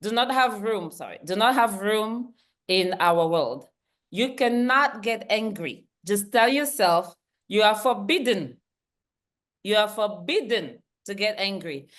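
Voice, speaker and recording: This workshop trainer from Central Africa leads an online leadership training talk with a mid-range, expressive voice at a slow pace. She speaks emphatically, repeats her key points, and laughs easily.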